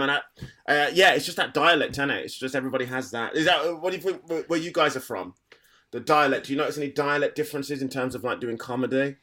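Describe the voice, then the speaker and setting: A man's voice: mid-range voice, fast talker, sharp tone. A man with a Black Country accent, a stand-up comedian chatting casually on a podcast, rambling with frequent restarts and laughter. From Black Country, England.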